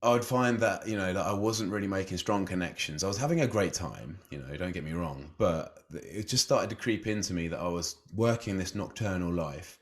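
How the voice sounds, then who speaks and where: Guy, really low voice, rambling chatty story with lots of laughs and "you know"s. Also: a little fast, few pauses. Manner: chatty and self-deprecating, laughs often, fillers like "you know". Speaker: podcast guest, artist. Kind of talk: casual storytelling in an interview.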